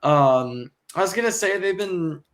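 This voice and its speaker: A young man with a somewhat high voice hosts a casual sports podcast. He talks in an easygoing, rambling way and fills pauses with ums and soft chuckles. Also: expressive. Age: young adult. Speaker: podcast host.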